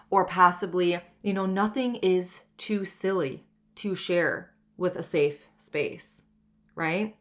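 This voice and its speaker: A woman's voice: lowish voice, a bit bright. A woman in her thirties hosting her own wellness podcast, talking candidly and reflectively, often saying "like" and "you know". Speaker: podcast host. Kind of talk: personal wellness podcast monologue.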